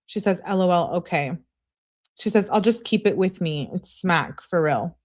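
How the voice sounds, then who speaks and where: A woman's voice: on the low side, expressive, normal speed. Woman host reading texts on a livestream. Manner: reads messages aloud with speaker tags, breaks off to comment and greet chat. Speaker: true-crime channel host. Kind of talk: live-stream reading of text messages with commentary.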